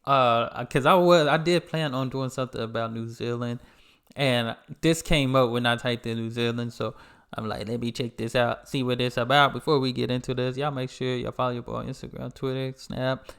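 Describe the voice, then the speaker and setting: A man's voice: mid-range voice, steady tone, normal speed, vocal fry, fairly bright tone, clean tone. A man from the United States hosting a reaction channel, chatting casually in a laid-back, slangy way. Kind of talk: casual chat.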